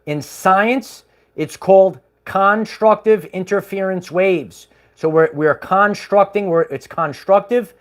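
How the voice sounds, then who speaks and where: This livestream host has a high-pitched male voice and takes his time. He chats casually and ramblingly, chuckling and using lots of fillers.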